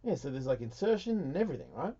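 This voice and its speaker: A man's voice: mid-range voice, big pitch swings, fast, breathy edge, lo-fi sound. A man hosting a radio talk show, rambling and swearing through crude banter. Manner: profane, rambling, loud bursts of laughter.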